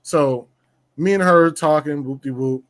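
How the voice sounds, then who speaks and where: A man telling a rowdy personal story in casual chat, boastful and profane, full of slang and animated bragging. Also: fairly high pitch, unhurried. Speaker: podcast guest telling a story.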